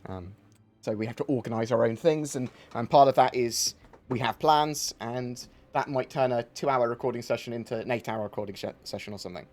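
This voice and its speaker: A man's voice: mid-range voice, brisk. A man hosting a casual livestream chat, talking in rambling, self-interrupting bursts. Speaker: livestream host.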